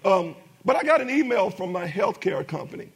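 A man's voice: high-pitched, expressive, fairly quick, husky. A middle-aged man preaching a sermon as pastor, with emphatic rising bursts and many repetitions.

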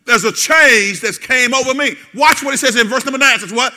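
A man's voice: very high voice, brisk, pushed and bright, long reverb tail. A man preaching a sermon, quizzing his congregation with call-and-response questions. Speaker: pastor.

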